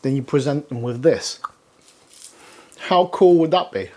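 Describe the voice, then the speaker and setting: A man's voice: mid-range voice, measured pace, a little mellow. A man hosting a casual cooking demonstration in a kitchen, chatty and upbeat, with easy laughter. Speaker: cooking show host.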